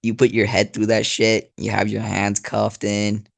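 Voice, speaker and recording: A man's voice: on the low side, completely flat delivery, a little slow, creaky. A man telling an improvised story in a rambling, profane, casual way, with frequent laughs. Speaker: storyteller YouTuber.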